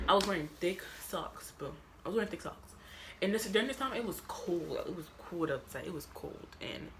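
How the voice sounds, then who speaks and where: A young woman vlogger telling a rambling, animated storytime, repeating herself and getting sassy. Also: low voice, a little hiss or hum. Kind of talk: storytime vlog.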